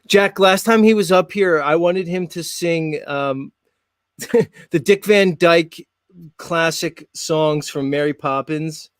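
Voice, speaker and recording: A man's voice: on the high side, takes it slowly, clear, resonant tone, dry recording, studio quality. Rambling forty-something male host. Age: 40s. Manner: rambling, laughs often, many fillers. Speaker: show host. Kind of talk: casual live show chat.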